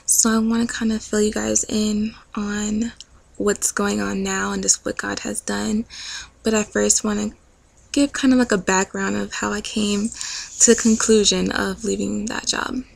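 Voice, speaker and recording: A woman's voice: medium pitch, little pitch movement, a little slow, gravelly, no echo, low-quality recording. A young adult woman telling an earnest, chatty personal story in a casual vlog, with many fillers. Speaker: vlogger.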